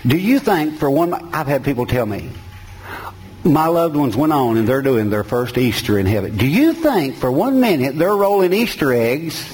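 A man's voice: fairly high pitch, animated, normal speed, darkish tone, slight background noise, low-quality recording. A man, preaching an emphatic sermon and speaking straight to his listeners.

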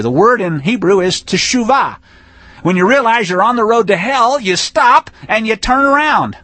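A man preaching a teaching sermon in a folksy, emphatic way, rising to forceful declarations. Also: sits high, lively intonation, normal speed, no room sound.

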